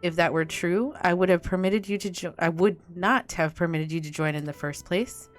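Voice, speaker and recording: A woman's voice: lowish voice, normal speed, soft background music, close to an everyday voice. Woman reading a stern guild mistress. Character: stern, formal female guild mistress, measured and wise.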